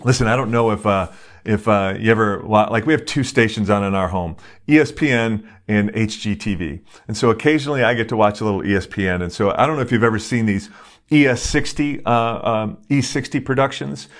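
Male pastor, lowish voice, emphatic casual sermon delivery, lots of restarts. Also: brisk. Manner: emphatic, conversational preaching with many restarts and fillers.

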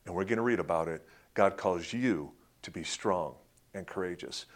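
A man preaching a sermon in a conversational way, with many fillers and restarts, who acts out quotes in a louder, higher voice. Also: normal speed. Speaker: pastor.

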